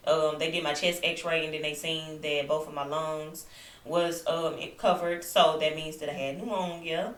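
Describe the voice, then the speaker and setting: Her voice sits low and moves at a normal speed, captured from a distance in an echoey room, off-mic. The young adult woman is vlogging at home, chatting animatedly about her illness while still recovering with a lingering cough. She tells it casually to camera, dropping asides to viewers.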